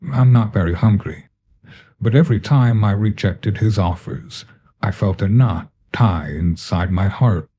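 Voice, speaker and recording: A man narrating a first-person horror story in a deadpan, measured way. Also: fairly low pitch.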